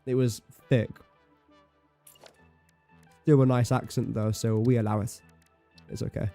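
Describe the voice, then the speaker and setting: A man's voice: mid-range voice, flat delivery, measured pace, vocal fry, mellow, faint music behind. A young man chatting casually while livestreaming a game, rambling and correcting himself as he talks. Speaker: streamer. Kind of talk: casual gameplay livestream chat.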